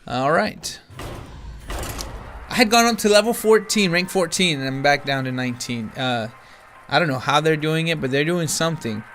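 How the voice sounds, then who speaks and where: A man's voice: fairly high pitch, animated, normal speed, a bit bright, faint music behind. A man casually commenting on his card game as he plays, thinking aloud with frequent restarts and filler words, sounding a little tired. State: yawning, tired. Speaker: gaming channel host.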